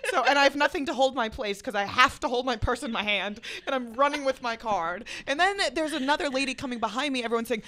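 Animated woman telling a podcast story. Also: high-pitched, fast, hardly any pauses, slight background noise. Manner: animated, acts out quotes, swears casually. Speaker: podcast host. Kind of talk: casual storytelling chat.

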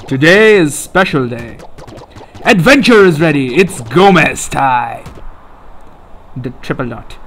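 A young man hosting a let's play, reacting excitably and profanely to a puzzle game as he plays. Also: on the high side, a little hiss or hum. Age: young adult. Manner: excitable, profane, often laughing. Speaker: gaming channel host.

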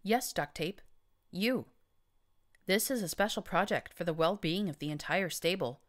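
A woman playing a smooth, scheming mare overseer. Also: fairly low pitch, a little slow, voice pushed up, lightly acted. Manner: smooth, purring, controlling. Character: scheming female pony leader, smooth and manipulative.

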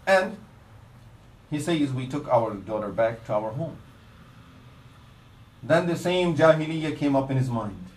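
A man's voice: mid-range voice, lively intonation, unhurried, long pauses, echoey room, low-quality recording. A man giving a sermon in English that he mixes with Arabic religious phrases, telling a story earnestly and dropping his voice for its saddest parts. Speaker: Islamic preacher.

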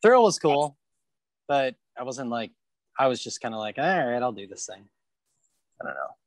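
A man's voice: mid-range voice, sing-song, moderate pace, dry recording. A man talking as a podcast guest, blunt and heavy on swearing and fillers, recorded on a porch. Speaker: interview guest, rollerblader. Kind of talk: casual podcast interview. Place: porch in Kansas City.

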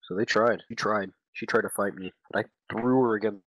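A man putting on a dopey eighteen-year-old slacker who rambles on in a crude, meandering drawl. The voice sits very low, close and dry, as if right on the mic. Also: fairly even intonation, a little fast, dry recording, dull audio, natural voice. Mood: rambling. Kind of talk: improvised comic monologue.

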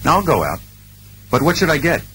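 A man's voice: fairly high pitch, very animated, normal speed, sharp tone, a little hiss or hum, poor audio. A man acting out everyday dialogue lines for a language textbook recording, speaking in a plain conversational way. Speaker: dialogue actor in textbook audio.

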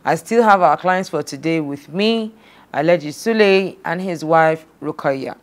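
An actress playing a counseling show host who calmly and steadily urges her guests to calm down. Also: low-pitched, a little slow. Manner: calm, soothing, repeatedly pleads for calm. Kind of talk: scripted drama acting.

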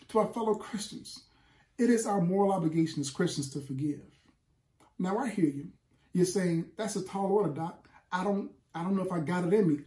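A man's voice: high-pitched, warm tone, roomy sound. A man preaching a sermon in an emphatic, rhythmic style, building repeated lists. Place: church sanctuary.

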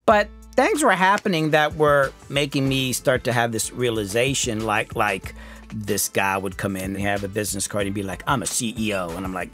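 A middle-aged man, a music producer hosting his own show, telling candid, self-deprecating stories that swing from animated to quietly reflective. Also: medium pitch, normal speed. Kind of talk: candid storytelling monologue.

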